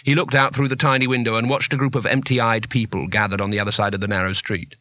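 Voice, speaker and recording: A man narrating a fantasy story in a measured, expressive storytelling manner. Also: medium pitch, no room sound, muffled recording. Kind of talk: audiobook narration.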